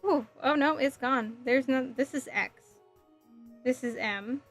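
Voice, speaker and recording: A woman's voice: sits high, a little slow, soft background music. A woman in her thirties chatting casually with her viewers while building a model kit, giggling often. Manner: chatty, giggly, reading chat aloud. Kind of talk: casual livestream chat.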